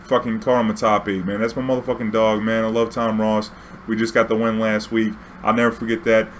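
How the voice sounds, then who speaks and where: A man's voice: lowish voice, level tone, brisk, slight background noise. Laid-back, profane man telling a story. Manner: profane, laid-back, full of slang and fillers. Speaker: vlog host. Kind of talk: casual storytelling.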